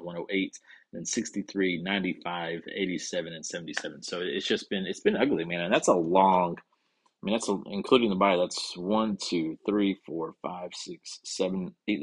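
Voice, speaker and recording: A man's voice: sits low, vocal fry, husky. A man casually hosting a fantasy football league podcast on his own, rambling and wisecracking, swearing under his breath when he slips up. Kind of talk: casual solo sports chat.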